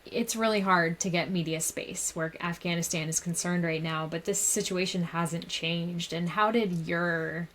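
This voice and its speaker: A woman's voice: lowish voice, fairly even intonation, measured pace, few pauses, fairly bright tone. A woman hosting an interview podcast, asking questions in an engaged, sympathetic way. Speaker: podcast host.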